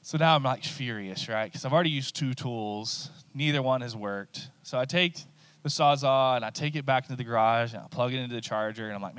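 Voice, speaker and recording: A man's voice: medium pitch, brisk, fairly bright tone, clean tone, no room sound. A middle-aged man preaching a teaching sermon in a conversational way, often checking in with his listeners.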